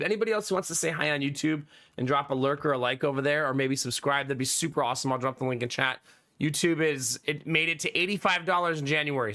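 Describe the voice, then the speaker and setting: A man streaming live, telling a story casually to his chat in an animated, exasperated way and laughing often. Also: a little high. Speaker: live streamer chatting with viewers.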